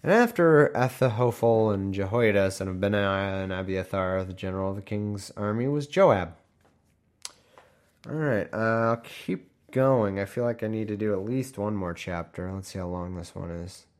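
A man's voice: on the low side, moderate pace, darkish tone. A man reading a scripture list aloud as a podcast host, yawning and breaking off into sarcastic, mock-helpful asides about how dull it is, with a scratchy throat.

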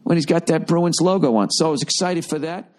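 A man telling an excited, profane story in a casual podcast. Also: on the high side, a little fast.

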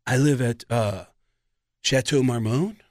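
A man impersonating a spacey, hesitant rock guitarist who mumbles softly. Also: medium pitch, slow pace, no echo, clean studio sound, natural voice.

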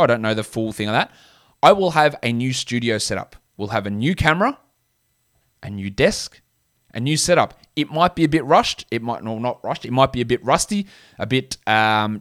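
A man's voice: mid-range voice, a bit bright, no room sound, clean studio sound. A young man hosting a solo fantasy basketball podcast, talking bluntly and casually with slang while he rattles off stats.

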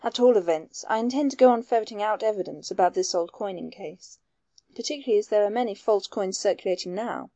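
A woman reading the part of a shrewd male investigator who explains his case in a measured, earnest way. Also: medium pitch, dark tone, no room sound, muffled recording, natural voice. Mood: determined.

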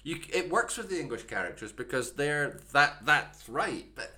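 A Scottish man talks through a story on a casual podcast, pointing out its flaws and circling back with frequent restarts. His voice is bright and lively. He sounds thoughtful rather than angry. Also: fairly high pitch, normal speed. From Scotland. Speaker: podcast co-host.

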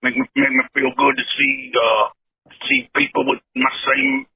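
A man calling in by phone, voicing an earnest, slow-witted Southern man with a put-on drawl and halting, repetitive speech. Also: medium pitch, sing-song, creaky, a little hiss or hum. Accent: put-on American Southern. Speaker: caller. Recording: tinny phone line.

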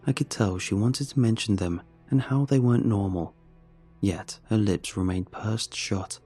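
A man reading a first-person horror story in a measured, steady way. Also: fairly low pitch, breathy edge, soft background music.

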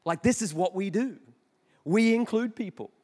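A man preaching a sermon, telling chatty stories with quick self-mocking asides. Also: sits high, a little mellow. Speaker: pastor. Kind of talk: sermon with storytelling. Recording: long hall reverb.

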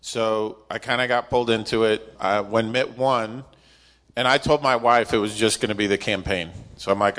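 A middle-aged man being interviewed, casually telling a long story about his career in a self-deprecating, animated way. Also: fairly low pitch, normal speed, in a large hall. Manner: self-deprecating, animated when recounting dialogue. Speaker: interview guest, company executive. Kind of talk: conversational storytelling.

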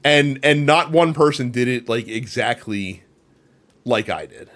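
Man, podcast co-host, casual chat, rambling storyteller, mid-pitched voice. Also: unhurried. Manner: rambling, animated storytelling with frequent swearing and filler.

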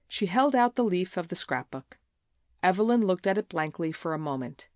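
Audiobook narrator: woman, lowish voice, measured scripted reading, dry close sound. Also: lively intonation, a little mellow, no echo.

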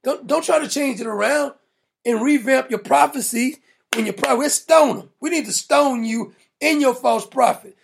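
A man's voice: very high-pitched, normal speed, vocal fry, a little hiss or hum. A man hosting a political talk show, ranting in an emphatic, mocking, blunt way. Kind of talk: opinionated political rant.

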